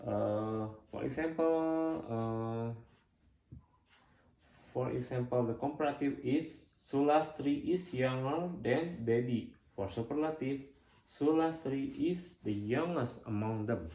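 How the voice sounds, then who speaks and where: A man with an Indonesian accent, a student teacher explaining English grammar in a halting way, using fillers and imperfect grammar. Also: mid-range voice, warm tone. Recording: echoey room.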